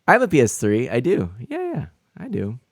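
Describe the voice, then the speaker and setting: Flustered, animated male streamer. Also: medium pitch, fairly quick, dry recording, clean studio sound. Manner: flustered, laughing and exclaiming often. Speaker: game streamer. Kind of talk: live-stream chat with viewers.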